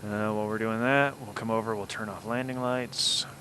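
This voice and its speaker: A man hosts a casual flight simulator let's-play, chatting and explaining each step as he goes. His lowish voice is bright and forceful with fairly even intonation at a moderate pace, and the poor-quality audio has slight background noise.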